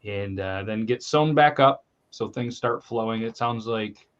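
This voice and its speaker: Halting man hosting a podcast, lo-fi sound. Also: lowish voice. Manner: halting, repeats words while leading. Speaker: podcast host. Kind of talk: casual podcast chat.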